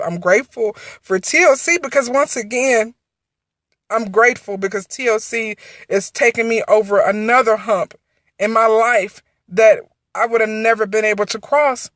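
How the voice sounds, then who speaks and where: A woman's voice: mid-range voice, a bit bright. A woman speaks into her phone on a livestream, pouring out an emotional, faith-filled testimony. She loops back on her phrases as the feeling builds. The sound is close and dry, with no room echo. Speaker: network marketing director.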